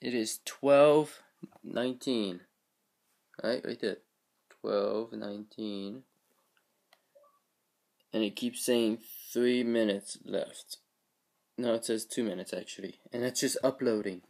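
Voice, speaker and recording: A man's voice: medium pitch, slow pace, creaky, pauses often, darkish tone. A young man vlogging in a rambling, playful, self-mocking way from his home floor. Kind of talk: casual chat vlog.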